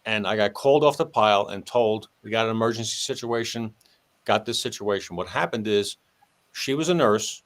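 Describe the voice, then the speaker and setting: In a fairly low voice at normal speed, a man who used to be a police sergeant spins a lengthy story in conversation. He's animated, changing his voice to play each character's lines.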